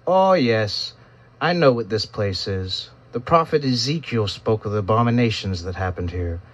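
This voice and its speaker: A man's voice: lowish voice, lively intonation, moderate pace. A man voicing a rueful, ironic male rescuer. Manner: dry, ironic, practical. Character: weary rueful male survivor, a rescuer digging from above. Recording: dull lo-fi recording.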